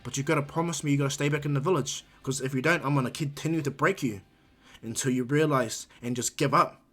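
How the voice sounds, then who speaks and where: A man's voice: mid-range voice, fast, fairly bright tone, faint music behind, lightly acted. A man voicing a cocky, overpowered teenage ninja boy who talks about huge feats offhandedly. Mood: earnest. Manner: breezy, offhand boasting.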